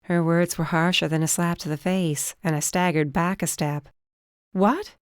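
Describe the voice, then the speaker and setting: A woman narrating a first-person fantasy audiobook in a steady, measured way. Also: lowish voice, clean tone, no room sound, studio quality.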